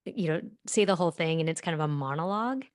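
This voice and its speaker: A woman hosting a podcast interview, chatty and self-deprecating, quick to laugh. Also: sits low, expressive, no room sound, clean studio sound. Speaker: podcast host.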